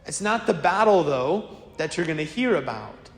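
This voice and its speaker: A man preaching a sermon as a priest, telling stories in a lively, conversational way. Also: on the high side, normal speed. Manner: lively storytelling, acts out quoted voices; casual, conversational preaching to a congregation. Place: church. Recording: echoey church with long reverb.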